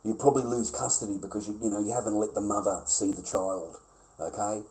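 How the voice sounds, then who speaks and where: A man's voice: on the low side, steady tone, a little fast, darkish tone, rough recording. A man ranting on a livestream, blunt, sweary and aggrieved, repeating his points. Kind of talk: casual livestream rant.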